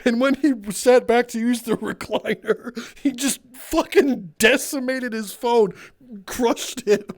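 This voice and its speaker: A man hosting a gaming video, telling animated stories from work and laughing as he goes. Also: extremely high pitch, takes it slowly. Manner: animated, laughs through his own stories. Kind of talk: casual storytelling while playing a VR game.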